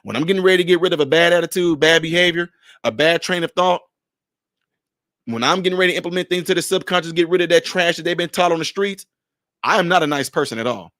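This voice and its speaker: A man's voice: fairly high pitch, fast talker, a bit bright, dry recording, studio quality. A man delivering a confrontational commentary rant, scolding and sarcastic, hammering rhetorical questions. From Chicago area.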